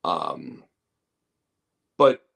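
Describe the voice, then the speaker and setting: Slow-talking man in casual opinionated chat. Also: a bit bright. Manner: opinionated, rambling, frequent "like". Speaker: show host.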